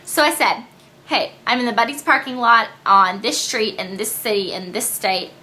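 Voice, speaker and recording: Bright, chatty young woman vlogger. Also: on the high side. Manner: chatty and animated, quick asides and quoted voices. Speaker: beauty vlogger. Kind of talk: casual storytelling vlog.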